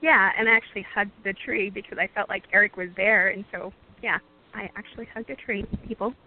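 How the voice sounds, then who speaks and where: A woman calling in to a radio show, talking gently and rambling with many pauses and soft laughs. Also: mid-range voice, fairly even intonation, a little hiss or hum. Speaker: caller. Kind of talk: casual call-in question. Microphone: phone call. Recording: tinny phone line.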